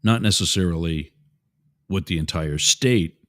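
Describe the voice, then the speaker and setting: A man's voice: deep voice, a little slow. A man hosting a show, giving opinionated political commentary in a rambling, digressive way with asides to his listeners. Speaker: show host.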